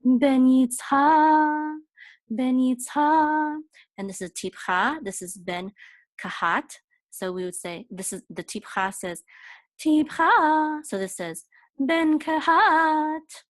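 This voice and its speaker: A woman teaching Torah chanting in an informal lesson, explaining patiently and breaking into short sung examples. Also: no room sound. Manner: explains slowly, then sings chanted examples higher and louder.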